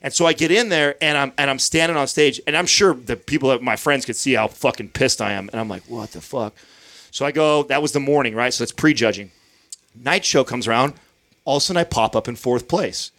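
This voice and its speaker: The speaker is a man in his thirties hosting a podcast; his medium-pitched voice is a bit bright and a little fast. In casual chat he tells a long story full of swearing, voicing what others said.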